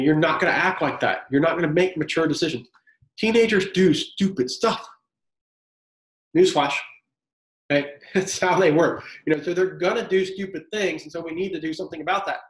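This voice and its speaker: A man who teaches high school giving casual, conversational advice on working with teens. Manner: conversational, acts out student exchanges. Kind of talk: casual classroom advice talk. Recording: echoey room.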